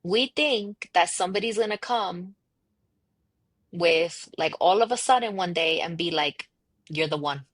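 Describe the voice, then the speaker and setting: A woman's voice: fairly low pitch, measured pace, dry recording. A woman guest on a podcast, telling stories and acting out quoted dialogue with emphatic repetition. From United States, daughter of immigrants. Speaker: podcast guest, marketing entrepreneur. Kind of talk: casual conversational interview.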